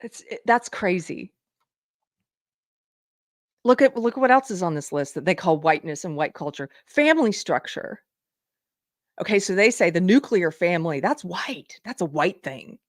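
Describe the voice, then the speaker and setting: A woman's voice: on the low side, big pitch swings, moderate pace, long pauses, dry recording, clean studio sound. Indignant Southern woman hosting a show. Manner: indignant, emphatic, reads items from a list. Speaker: livestream show host. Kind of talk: live political commentary.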